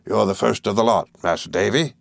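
A man voicing a hearty, jovial old fisherman with a broad rustic dialect and booming laughs. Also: fairly quick, gravelly, dry recording.

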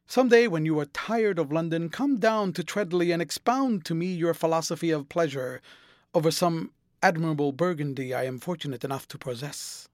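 A man voicing a courteous elderly gentleman with dry wit and formal, measured period speech. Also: fairly high pitch, no room sound, lightly acted.

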